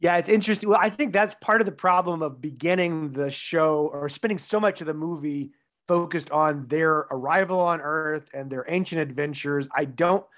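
A man co-hosting a podcast, explaining his view of a film in a measured, casual way. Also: a little high, fairly bright tone. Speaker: podcast co-host. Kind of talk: casual film review chat.

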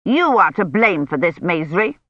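A woman's voice: lowish voice, very animated, moderate pace, a bit bright, no room sound. A woman voicing a stern, suspicious middle-aged noble lady who speaks in an accusing, demanding way. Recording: tinny phone-like dry sound.

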